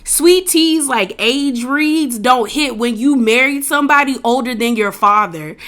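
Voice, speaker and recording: Woman, bright forceful voice, fairly high, slangy opinionated recap chatter. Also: a little slow. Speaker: reality TV recap host. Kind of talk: casual recap commentary.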